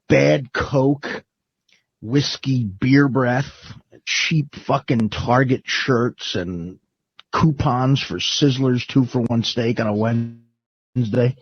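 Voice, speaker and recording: A man's voice: mid-range voice, creaky, no room sound. A man on a radio show delivering a profane, mocking comedic rant full of rambling lists, on a dull lo-fi radio recording.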